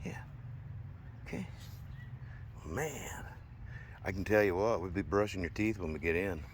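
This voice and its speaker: A man's voice: low voice, measured pace, noisy background. A man talking casually outdoors to his dog, coaxing and scolding it with exasperated chuckles. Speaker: dog owner. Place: outdoors near a house and garage.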